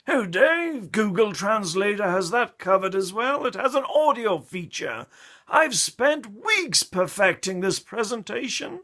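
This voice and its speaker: A man voicing an excitable, tipsy engineer in his fifties who boasts with breathless enthusiasm. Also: unhurried, full character voice. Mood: boastful. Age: 50s. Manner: gushing, breathless enthusiasm, pitched high.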